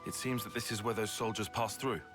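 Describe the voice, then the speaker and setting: A man's voice: lowish voice, steady tone, fairly quick, music in the background, natural voice. A man voicing a stern young soldier tactician. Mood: brisk. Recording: game audio under commentary.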